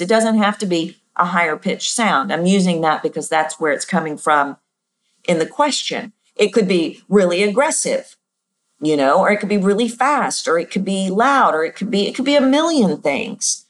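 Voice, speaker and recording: A middle-aged woman hosting a podcast, coaching on voice in a casual teaching monologue and jumping her pitch to act out examples. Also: animated, moderate pace.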